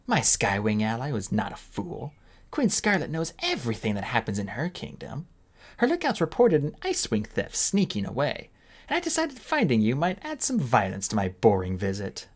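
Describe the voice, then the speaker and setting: A man's voice: mid-range voice, huge pitch swings, normal speed. A man voicing a cruel, mocking female sand dragon queen who hisses and sneers her taunts. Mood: scornful. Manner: sneering, hissing, theatrical taunts.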